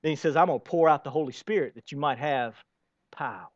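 A man preaching a lively sermon to his congregation, asking rhetorical questions and dropping to quiet asides. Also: fairly high pitch, fast, no echo. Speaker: pastor. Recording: dull lo-fi sound.

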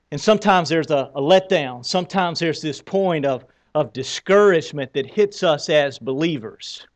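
A male pastor delivers a sermon in a fairly high voice. He talks to the congregation as if chatting with them and often puts questions to them as he moves around the stage. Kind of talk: Easter sermon.

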